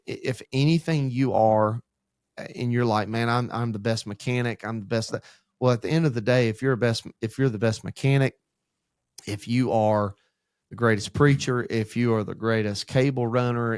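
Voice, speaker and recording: Dad rambling through church podcast talk. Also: male voice, lowish voice, smooth, no room sound, clean studio sound. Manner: rambling, animated storytelling with acted-out quotes. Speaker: church podcast co-host, pastor in training. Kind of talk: casual faith discussion.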